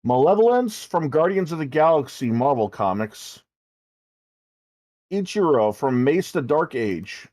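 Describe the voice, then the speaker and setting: A man's voice: a little high, sing-song, a little slow, a little mellow, dry recording, studio quality. A man co-hosting a casual livestreamed podcast, bantering bluntly and cursing freely. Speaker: podcast co-host.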